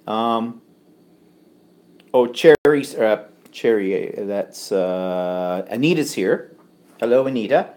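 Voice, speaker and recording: A man's voice: lowish voice, expressive, slow, long pauses, darkish tone. A man co-hosting a casual live stream from home, chatting and reading out viewer comments with many ums. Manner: chatty, reads comments aloud, frequent ums.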